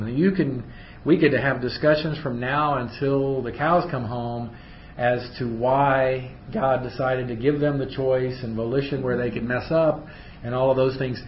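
A man leading a Bible study who reads scripture aloud and then explains it in loose, chatty asides. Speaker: Bible teacher. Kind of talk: conversational Bible study teaching. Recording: roomy, dull recording with faint rumble.

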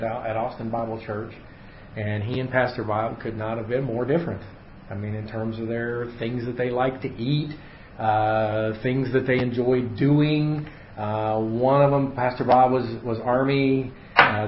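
A man leading a casual Bible study lesson, explaining slowly and thinking aloud with fillers and restarts. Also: medium pitch. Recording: echoey room, dull sound, faint hiss.

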